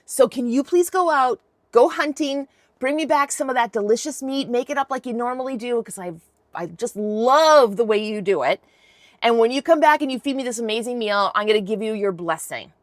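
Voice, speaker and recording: A woman's voice: fairly high pitch, fairly bright tone, dry recording, lightly acted. A woman putting on an old blind father, weary, pleading, dry close sound.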